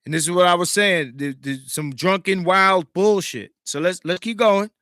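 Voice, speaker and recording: A man hosting a podcast, commenting on a clip in an emphatic, animated way, swinging between loud remarks and hushed asides. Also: high-pitched, normal speed, dry recording, studio quality. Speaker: podcast host reacting to a clip. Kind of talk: casual commentary.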